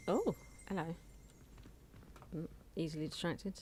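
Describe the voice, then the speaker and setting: A woman's voice: on the low side, a little slow, background noise. Giggly woman streaming a game. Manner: chatty, giggly, talking to chat while playing. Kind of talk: casual live-stream commentary.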